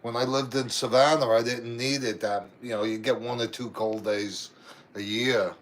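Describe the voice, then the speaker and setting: A man's voice: mid-range voice, fairly even intonation, moderate pace. An older man co-hosting a casual livestream, joking and teasing in easy chat. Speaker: co-host.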